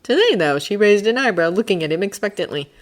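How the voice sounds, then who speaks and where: A woman reading fan fiction aloud as storybook narration, expressive and animated. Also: mid-range voice, fast.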